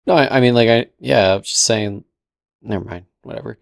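A man's voice: mid-range voice, a little fast, creaky, dry recording, studio quality. A young man co-hosting a podcast, recapping a show in a casual, rambling way with lots of fillers and sarcastic quoted asides. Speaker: podcast co-host.

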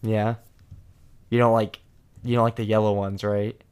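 A man's voice: lowish voice, flat delivery, moderate pace, a little mellow, smooth. A young man chatting casually with his partner, joking, rambling and poking fun at himself. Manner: joking, rambling, self-deprecating. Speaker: vlogger, co-host with partner. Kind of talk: casual couple chat.

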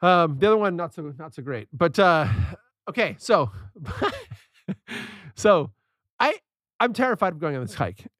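A man co-hosting a casual podcast chat, an animated storyteller who laughs often and acts out what people said. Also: on the high side, a little slow, long pauses, no room sound, clean studio sound. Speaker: podcast co-host.

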